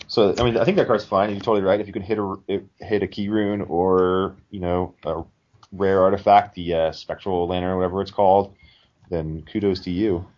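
Deep-voiced man, rambling game talk. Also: fairly even intonation, brisk, darkish tone. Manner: rambling, hedging with likes and I means. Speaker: podcast co-host. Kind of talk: casual chat. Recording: dull lo-fi sound.

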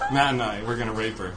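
A man casually telling a funny story on a podcast, laughing often as he goes. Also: medium pitch. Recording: noisy recording.

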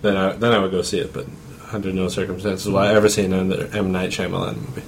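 A man's voice: low-pitched, little pitch movement, quick pace, gravelly, slight background noise. A man co-hosting a movie podcast in casual chat, blunt and crude in his jokes. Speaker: podcast co-host.

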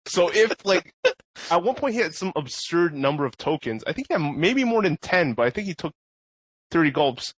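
A man's voice: fairly high pitch, sing-song, moderate pace, a bit bright, breathy edge, no echo. A man telling a story in a casual podcast chat, rambling with many fillers and laughing often. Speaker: podcast co-host.

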